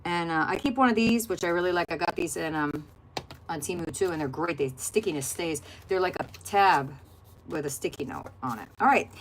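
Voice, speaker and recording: A woman's voice: lowish voice, a little hiss or hum, poor audio. A middle-aged woman hosting a crafting livestream, chatting casually and rambling to her viewers as she works. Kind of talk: casual chat while crafting.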